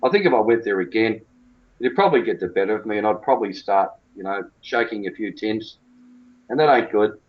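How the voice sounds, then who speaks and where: A man's voice: on the low side, expressive, a little fast, lo-fi sound. A man who coaches cricket, talking bluntly and emphatically in a colloquial interview.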